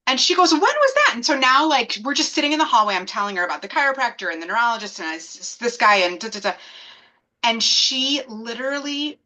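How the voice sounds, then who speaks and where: A woman in her thirties telling a personal story as an interview guest, animated and acting out the voices of people she quotes. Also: on the high side, fast, rough recording.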